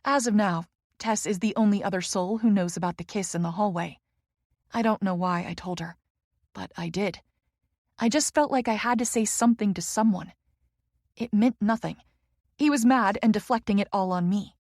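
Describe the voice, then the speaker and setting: A woman narrating a first-person romance audiobook in a lively, expressive way. Her pitch sits mid-range, and the close, dry sound carries no room around it. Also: normal speed, no echo.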